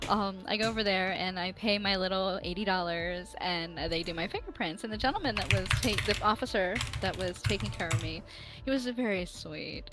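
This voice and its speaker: A woman chatting casually on a live stream, telling an animated story and laughing often. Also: medium pitch, a little fast, very noisy. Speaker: player. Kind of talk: casual chat.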